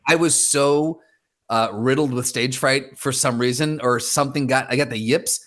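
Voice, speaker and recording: A man's voice: mid-range voice, fairly even intonation, normal speed, fairly bright tone. Rambling male podcast co-host. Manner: rambling storyteller, many restarts and fillers. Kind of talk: casual chat.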